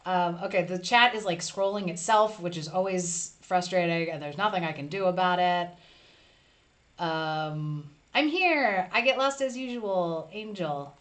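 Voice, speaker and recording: A woman's voice: lowish voice, a little slow, fairly bright tone. A woman hosting a casual live stream, chatting playfully and reading viewer comments aloud. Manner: chatty, reads chat aloud, playful asides.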